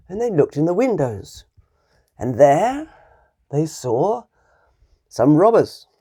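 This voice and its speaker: A woman teacher telling a fairy tale to young children, animated and playful, acting out the animal sounds. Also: low voice, breathy edge.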